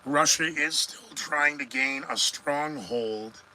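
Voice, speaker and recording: Middle-aged male podcast host, sarcastic news commentary, very bright, sharp tone, rambling asides to viewers. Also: a little high, takes it slowly, slight background noise, poor audio.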